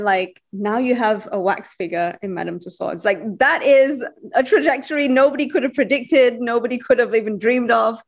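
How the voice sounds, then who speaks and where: A woman hosting a casual interview, asking chatty questions full of "like". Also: on the high side. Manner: chatty, filler-heavy questions with many "like"s. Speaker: interviewer, podcast host.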